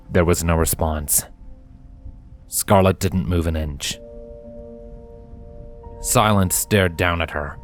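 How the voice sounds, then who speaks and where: Deep, slow-reading male narrator. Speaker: fanfiction reader. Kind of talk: dramatic audiobook narration.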